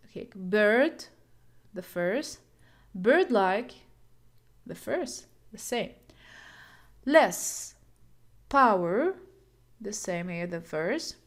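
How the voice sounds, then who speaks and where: A woman teaching English, explaining slowly, repeating key points and using playful nicknames. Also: on the high side. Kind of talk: explaining lesson material.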